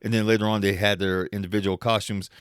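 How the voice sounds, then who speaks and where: A man's voice: fairly low pitch, flat delivery, quick pace, smooth, no echo, clean studio sound. A man co-hosting a casual podcast chat, rambling with restarts and mimicking others' lines. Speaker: podcast co-host.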